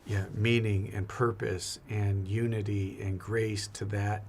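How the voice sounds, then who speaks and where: A man's voice: on the low side, flat delivery, unhurried. A man, a priest, talking earnestly and reflectively in a casual faith conversation, often repeating his words.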